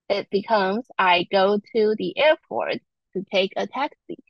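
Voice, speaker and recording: A woman from Taiwan with a Taiwanese Mandarin accent, a native Mandarin speaker giving a language lesson and slowly repeating example words. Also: mid-range voice, vocal fry, dry recording, muffled recording. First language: Mandarin Chinese. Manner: slow, careful repetition of example words. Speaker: Chinese language instructor.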